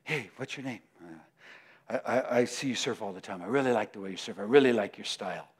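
A man voicing a shy, eager young male surfer who speaks softly and stumbles over his words. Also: fairly low pitch, fast, husky, pitched below the performer's own voice. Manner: hesitant, soft, stumbling.

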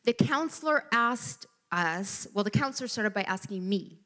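A woman's voice: medium pitch, lively intonation, moderate pace, few pauses, a bit bright. A middle-aged woman giving a personal testimony at a church gathering, telling her story with animation and acting out the voices she quotes.

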